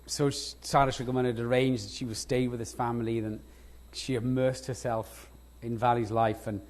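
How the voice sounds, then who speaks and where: A Welsh actor in an on-stage conversation, telling lively anecdotes with frequent laughs and restarts. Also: male voice, medium pitch, moderate pace. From Wales. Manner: animated anecdotes, laughs often, self-interrupting restarts. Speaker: guest actor. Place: lecture stage before an audience.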